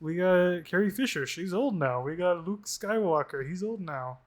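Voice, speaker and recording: A man's voice: high voice, normal speed. A man co-hosting a movie podcast, ranting casually with lots of restarts. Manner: ranting, animated, frequent restarts. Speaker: podcast co-host.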